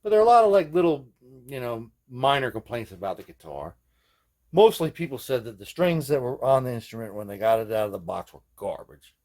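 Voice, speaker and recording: A man's voice: medium pitch, big pitch swings, brisk, darkish tone. A man hosting a guitar repair video, chatting casually in a rambling, profane way, full of fillers and laughing at his own jokes. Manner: rambling, loose and profane, peppered with "man" and "you know what I mean". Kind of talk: casual hands-on workshop chat.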